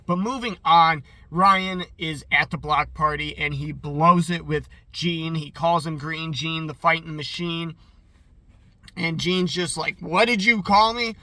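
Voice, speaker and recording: Bright-voiced man rambling through a show recap. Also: a little high, fairly even intonation, takes it slowly, no room sound. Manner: rambling and chatty, heavy use of "like". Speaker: TV episode recapper. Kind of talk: casual commentary.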